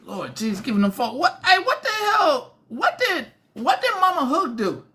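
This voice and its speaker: A woman's voice: high-pitched, sing-song, moderate pace, sharp tone. A woman hosting a casual livestream, reacting with laughter and bewildered repeated questions. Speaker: livestream host.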